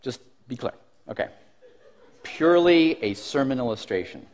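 A man preaching a sermon, telling a personal story in an animated, self-mocking way and often laughing as he tells it. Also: medium pitch, normal speed. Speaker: pastor.

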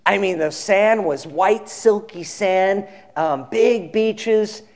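Storytelling male pastor, slightly high voice. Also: slow pace, a little mellow. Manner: conversational storytelling, acts out quotes. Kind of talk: sermon.

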